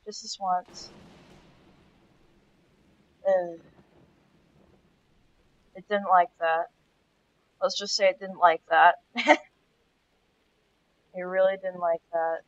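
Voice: medium pitch, flat delivery, extremely slow, long pauses, fairly bright tone. A gaming host with a stuffy nose, chatting casually through gameplay and getting startled now and then. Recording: dull lo-fi sound.

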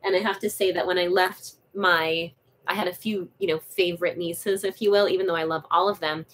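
A woman's voice: fairly low pitch, steady tone, brisk, a bit bright. A woman hosting a casual live vlog, chatting to viewers with lots of fillers and restarts while she grooms her dogs. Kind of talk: casual live-stream chat.

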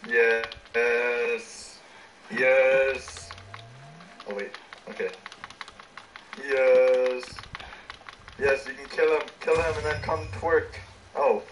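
Excitable young man in a game chat. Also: fairly high pitch, moderate pace, rough recording. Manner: excitable, bursts into loud cheers and laughs. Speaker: gaming teammate. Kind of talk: casual gaming chat. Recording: faint background noise.

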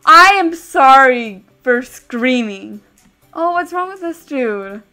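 A woman giving casual commentary while playing a video game, excitable and chatty, bursting into squeals and screams. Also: sits high, takes it slowly, faint music behind. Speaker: gaming YouTuber.

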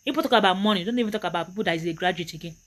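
A woman's voice: fairly low pitch, rapid-fire, slight background noise. A Nigerian woman giving a motivational talk to camera, emphatic and preachy, often repeating her points. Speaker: motivational vlogger.

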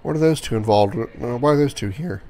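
A man's voice: medium pitch, fast talker, dark tone, a little hiss or hum. A man casually commenting on his gameplay, rambling, correcting himself and swearing freely. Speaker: gaming channel host.

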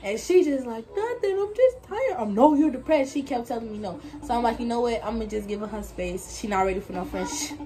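A woman's voice: on the high side, fast talker, few pauses, mellow, slight background noise. Blunt, foul-mouthed young woman. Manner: blunt, swears freely, talks straight to viewers. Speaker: guest friend. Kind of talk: casual storytelling chat.

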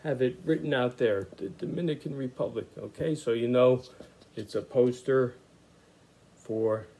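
In an unhurried mid-range voice with vocal fry, a man talks children through his lettering during an art lesson, sounding out words for beginning readers. He thinks aloud in a relaxed way, saying "uh" and "okay" often.

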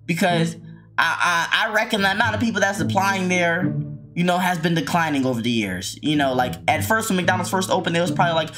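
Animated man reacting to a video. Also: high-pitched, quick pace, over music. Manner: animated, exclaiming and joking, with frequent laughs. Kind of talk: casual reaction commentary.

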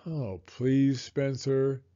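A man's voice: medium pitch, big pitch swings, moderate pace, warm tone, lo-fi sound. A man doing an exasperated, firm mother. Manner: firm, scolding.

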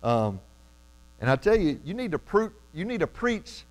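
A man's voice: fairly high pitch, very animated, normal speed. Emphatic conversational male preacher. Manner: calls out for amens from the congregation. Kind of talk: sermon.

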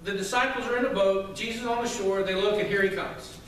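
A male pastor preaching a sermon to his congregation, loud and emphatic, with asides to the room. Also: high voice, fairly even intonation, a little fast. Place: church sanctuary. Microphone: microphone at a distance. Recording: very echoey hall, from far off, faint noise.

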